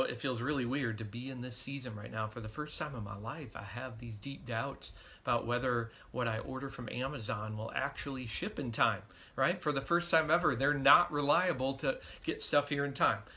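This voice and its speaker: A man's voice: mid-range voice, sharp tone. A middle-aged man, a pastor, giving a devotional sermon in an earnest, conversational storytelling way.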